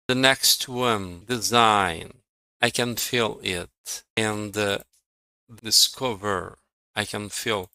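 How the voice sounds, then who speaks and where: A male English teacher with a Brazilian Portuguese accent speaks very slowly and deliberately, drilling words one at a time. His tone is bright and the recording is dry and close. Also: on the low side, fairly even intonation, clear, resonant tone, dry recording, poor audio. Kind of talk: online pronunciation lesson.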